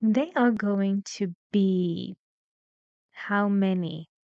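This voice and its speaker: A woman's voice: mid-range voice, very slow, vocal fry, smooth, no room sound, lo-fi sound. A woman teaching a lesson, patiently explaining intonation step by step with spoken examples. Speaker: English teacher. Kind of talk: slow, careful lesson narration.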